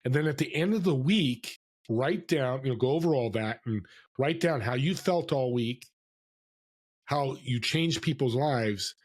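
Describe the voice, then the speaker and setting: Animated storytelling man. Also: medium pitch, unhurried. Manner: animated storyteller, acts out quoted voices. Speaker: podcast guest. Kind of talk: storytelling interview. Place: California.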